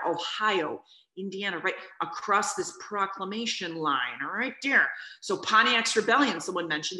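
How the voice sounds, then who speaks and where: A woman with a bright, clear voice leads an online exam review, animated and chatty. She keeps checking in with her students through quick asides and questions. Her voice rings a little in an echoey room. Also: fairly low pitch. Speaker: history teacher.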